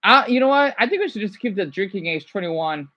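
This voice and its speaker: A man's voice: high voice, expressive, brisk, highs cut off. A man from Arizona reacting to a news clip, ranting heatedly with lots of swearing and rambling asides. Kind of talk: profane reaction rant.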